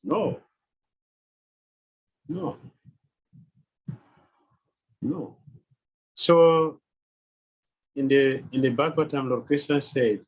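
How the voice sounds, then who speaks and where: A man's voice: mid-range voice, extremely slow, pauses often, slightly rough, rough recording. A man teaching a scripture class who keeps quizzing his listeners with questions and chuckles as he goes. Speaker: spiritual teacher.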